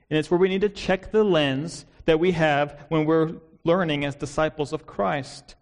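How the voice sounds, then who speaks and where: An American man serving as pastor delivers an expository sermon with measured earnestness and a series of rhetorical questions. He speaks in a slightly high voice.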